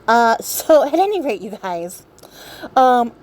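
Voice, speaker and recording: A woman vlogger casually retelling a fairy tale, sarcastic and irreverent, swearing freely and filling pauses with ums. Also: a little high, sing-song, darkish tone. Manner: chatty, many ums and likes. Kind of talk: casual storytelling while crafting.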